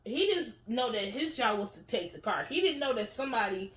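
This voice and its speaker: A woman's voice: on the high side, a little fast, reverberant. A woman, recapping a TV episode in a casual, profane style and acting out the characters in voices. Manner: animated storytelling, acts out characters in voices. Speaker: TV recap host.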